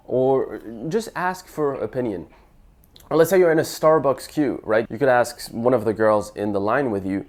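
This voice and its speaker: A young man who works as a dating coach talks casually to camera, giving advice in a medium-pitched, darkish voice at normal speed. He acts out sample lines and often stammers and restarts.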